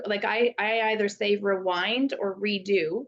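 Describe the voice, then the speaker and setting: A woman's voice: medium pitch, steady tone, measured pace, dull audio. A woman youth educator talking casually and thoughtfully, acting out example phrases with frequent restarts. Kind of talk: casual conversational talk.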